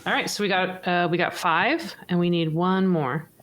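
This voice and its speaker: Woman GM, slightly low voice, rambles through scenes with many fillers. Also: normal speed, fairly bright tone. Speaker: game master. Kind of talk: narrating a tabletop game.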